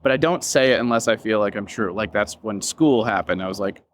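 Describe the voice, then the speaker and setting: A man's voice: on the low side, a little fast, slight background noise. Man, interview guest, rambling, emotional, casual swearing, lots of fillers. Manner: rambling, many fillers and self-quotes. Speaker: interview guest, business founder. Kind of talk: candid reflective interview talk.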